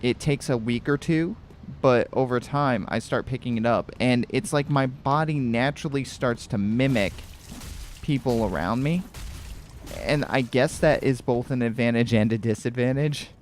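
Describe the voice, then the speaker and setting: A man from Connecticut narrates his gameplay in a loose, chatty way, circling back on his own words with ums and restarts. His voice sits at an ordinary middle pitch. A faint background hum runs under the home recording. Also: moderate pace. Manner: rambling, chatty, many restarts. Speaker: gaming streamer. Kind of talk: casual let's-play commentary.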